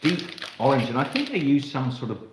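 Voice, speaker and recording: A man's voice: mid-range voice, very animated, a little fast, echoey room, noisy background. An Australian man hosting a live cooking stream, chatting to viewers in a rambling way while he cooks in his kitchen. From Australia, Melbourne. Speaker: cooking channel host.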